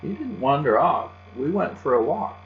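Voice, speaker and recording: A man reading aloud, voicing a shy, quiet young girl in a soft, hesitant way. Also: on the high side, sing-song, moderate pace, phone-quality sound, slight background noise, voice pushed up. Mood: earnest.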